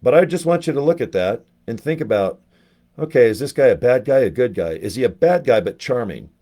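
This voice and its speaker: A man's voice: mid-range voice, lively intonation, mellow, lightly acted. A man putting on the voice of his blunt, lecturing acting coach, firing questions at his students. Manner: pushy, lecturing, quick-fire questions. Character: blunt, coaxing middle-aged male acting coach.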